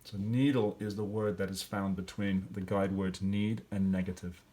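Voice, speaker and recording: A man's voice: deep voice, steady tone, normal speed, dark tone. A male teacher walking through grammar and spelling exercises step by step, thinking aloud with fillers. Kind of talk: classroom lesson walkthrough.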